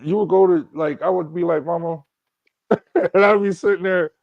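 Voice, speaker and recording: A man's voice: sits high, fairly even intonation, moderate pace, gravelly, dry recording, muffled recording. A man co-hosting a livestream, telling rambling stories in casual chat. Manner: rambling storyteller, many restarts. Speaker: livestream co-host.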